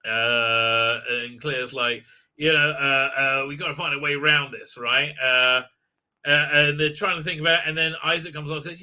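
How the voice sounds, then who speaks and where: A man with a bright, sharp, fairly high voice talks into a desk microphone, recapping a show for a live stream. He is heated and indignant, and he trips over himself with restarts as he goes. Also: level tone, moderate pace. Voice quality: frequent filler sounds and restarts, heated, indignant. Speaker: show host.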